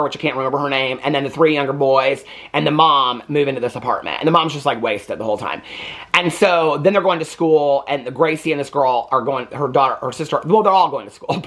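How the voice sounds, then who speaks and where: A man's voice: a little high, a bit bright. A man reviewing a movie in casual, rambling chat, giggling, with lots of "like" and many tangents.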